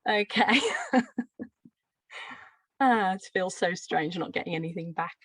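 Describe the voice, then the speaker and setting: A woman's voice: on the low side, a little slow, fairly bright tone, no room sound, low-quality recording. A woman from Birmingham with a Brummie accent, explaining a pronunciation drill in a friendly teaching manner. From Birmingham, England. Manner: friendly, explanatory, with light laughs. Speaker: teacher trainer. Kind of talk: live teacher-training lesson.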